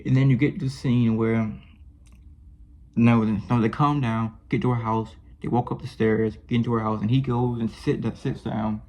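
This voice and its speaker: A man's voice: medium pitch, little pitch movement, moderate pace, warm tone. A man talking through a film in a casual review monologue. He gushes and rambles, often restarting and correcting himself mid-sentence. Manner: rambling and effusive, with many restarts and self-corrections.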